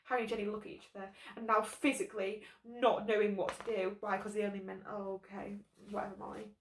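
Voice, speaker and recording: A woman's voice: medium pitch, flat delivery, quick pace. A young woman vlogger reading her old story aloud, breaking off for sarcastic, sweary comic asides. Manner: sarcastic, sweary running commentary. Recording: roomy echo.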